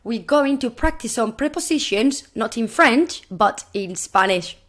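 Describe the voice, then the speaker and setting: Woman, primary language teacher; encouraging, repeats phrases slowly for pupils to echo. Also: a little high, expressive, a bit bright. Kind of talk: recorded classroom video lesson.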